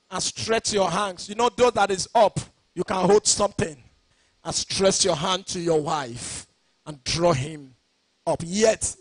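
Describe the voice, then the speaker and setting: A man preaching, his high voice ringing out bright and forceful as he shouts his points. He lapses into a sing-song lilt, recorded close and dry with no room sound. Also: dry recording. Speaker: pastor. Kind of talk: sermon.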